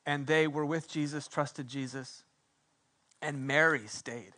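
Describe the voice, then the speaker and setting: A middle-aged pastor delivers a sermon with fervent conviction in a high, ringing voice, speaking slowly with a steady tone. He surges into loud, insistent declarations, then drops to a hushed, close tone to draw listeners in, and the brightness lends his emphasis a sharp, carrying edge.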